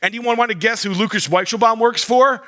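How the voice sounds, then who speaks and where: A man giving a conference keynote, telling stories in an animated, joking and self-mocking way. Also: very high voice, brisk. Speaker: keynote speaker. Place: conference stage.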